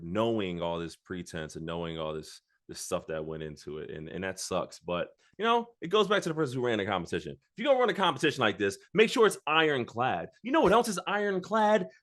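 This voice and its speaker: A man's voice: sits low, expressive, brisk. A man co-hosting a sports podcast, talking in a playful, mock-grand game-host way. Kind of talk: casual sports podcast chat.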